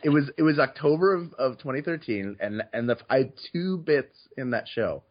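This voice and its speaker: A man of middling pitch chats casually as a podcast host and tells stories at length. He often restarts his sentences and repeats words. The audio is slightly muffled. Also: normal speed. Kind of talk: casual chat.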